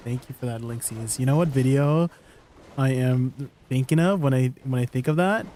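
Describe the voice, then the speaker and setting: A man's voice: mid-range voice, normal speed, darkish tone, slight background noise. A man streaming, chatting casually and playfully with viewers. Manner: playful, chatty, laughing, reacting.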